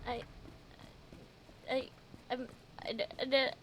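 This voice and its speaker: A woman's voice: high voice, level tone, slow, slight background noise. A woman streaming a game, giggling often and chatting with her viewers as she plays. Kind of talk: casual gameplay commentary.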